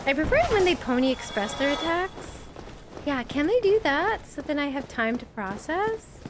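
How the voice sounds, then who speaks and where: A woman's voice: high voice, very animated, normal speed, background noise. A woman streaming a game live, panicking and laughing as she talks to her chat. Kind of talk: live gameplay commentary.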